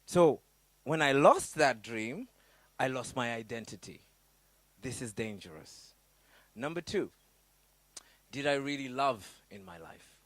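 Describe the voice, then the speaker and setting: Male business coach from Africa, blunt and lively motivational speaker, very expressive pitch, no room echo. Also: a little slow, pauses often. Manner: candid, animated storytelling with swearing and audience questions. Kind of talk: motivational workshop talk.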